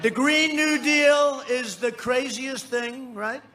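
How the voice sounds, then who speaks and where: A man's voice: very high-pitched, fairly even intonation, takes it slowly, background noise. A man giving a campaign rally speech, boastful and rambling, bantering with the crowd from the stage. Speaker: political speaker at a rally. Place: outdoor rally before a large crowd.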